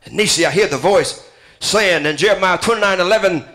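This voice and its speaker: Male pastor, sermon, high voice, bright tense tone, calls out names, shouted build-ups. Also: brisk. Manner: calls out listeners by name, builds to shouted repeated phrases.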